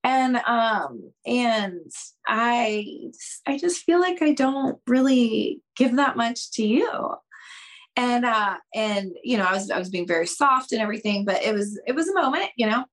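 A woman speaking as a podcast guest and dating coach. She talks straight to her listeners, stresses her points, and acts out conversations with big jumps in pitch. Her pace moves between quick bursts and slow, drawn-out emphasis. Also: lively intonation, poor audio.

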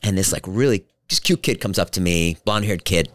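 A man hosting a podcast, telling stories in casual chat and acting out quotes in high voices. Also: fairly quick, dry recording. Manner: animated storyteller, acts out quotes in high voices. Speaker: podcast host.

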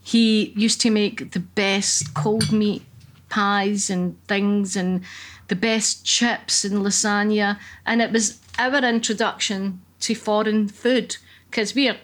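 A woman's voice: mid-range voice, a bit bright. A middle-aged woman with a Glaswegian accent, a comedian guest in a casual lunch chat, swearing freely and acting out voices in her stories. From Scotland.

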